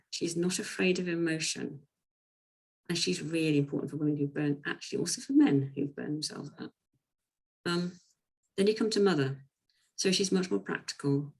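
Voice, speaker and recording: Woman coach talking through her slides, chatty, bit of vocal fry, lots of ums. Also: deep voice, rough recording. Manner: chatty, informal, frequent ums. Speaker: women's coach. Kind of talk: presentation talk.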